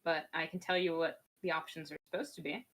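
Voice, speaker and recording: A woman's voice: deep voice, fairly even intonation, fast talker, fairly bright tone. A woman hosting a livestream trivia game, upbeat and a bit scatterbrained. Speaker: game show host.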